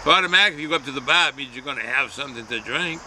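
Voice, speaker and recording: Bright-voiced man rambling through a beer review. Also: medium pitch, rapid-fire, a little hiss or hum, low-quality recording. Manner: folksy, rambling with many hesitations. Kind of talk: casual beer review vlog.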